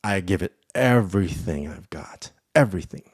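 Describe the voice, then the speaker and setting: A man hosting his own podcast in a casual, profane, excitable ramble about his life. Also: low voice, moderate pace, husky, no room sound, studio quality. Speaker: podcast host. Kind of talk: casual solo podcast monologue.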